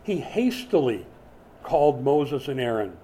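A man delivering a sermon in a relaxed, chatty manner, his voice mellow and warm. He repeats words as he works up to a point and swings suddenly into dramatic emphasis. A faint hiss sits under the recording. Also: mid-range voice, unhurried. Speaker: preacher. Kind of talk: expository sermon.

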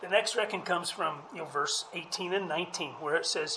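A male pastor delivers a sermon in a high, earnest voice, often repeating words as he builds each point. The sound carries the roomy echo of a church hall, with a faint ambient hum underneath. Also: fairly quick, sharp tone.

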